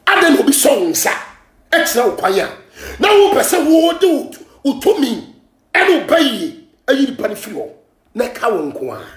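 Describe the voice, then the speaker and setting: A Ghanaian man hosting a gossip show, ranting and scolding in heated commentary, often shouting, switching between Twi and English. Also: very high-pitched, huge pitch swings, normal speed, roomy sound.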